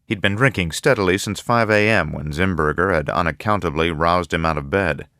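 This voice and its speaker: A man narrating a first-person audiobook in a measured, low-key, matter-of-fact way. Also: bright, forceful tone, dry recording, studio quality.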